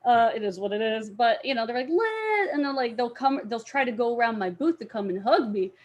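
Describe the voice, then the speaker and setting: A young woman who cosplays is a guest on a podcast, telling a story in casual conversation and animatedly acting out the voices of the people in it. Her voice is a little high and fairly quick. The recording sounds muffled.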